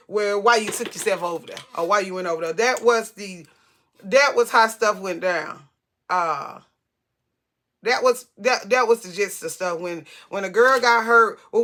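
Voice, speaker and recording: A woman's voice: a little high, pushed and bright. A woman telling a personal story to camera in a casual, rambling way, cursing freely and often restarting her sentences. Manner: rambling, profane, many restarts.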